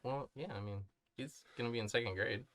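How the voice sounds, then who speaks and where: Smoking cannabis during a casual podcast chat, this male co-host speaks quickly in a medium-pitched, fairly bright voice. He's a profane, laughing storyteller, sharing crude and comical tales about his kids and swearing often.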